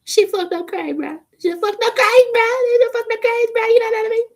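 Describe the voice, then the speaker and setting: A man putting on a frantic, profane ranting guy who repeats catchphrases and shouts in bursts. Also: extremely high pitch, quick pace, voice pushed up.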